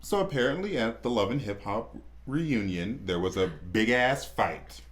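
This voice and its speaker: A man's voice: mid-range voice, lively intonation, normal speed, fairly bright tone. A man co-hosting a podcast, dishing celebrity gossip in a blunt, sassy and crude way. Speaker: podcast co-host. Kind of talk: casual gossip chat.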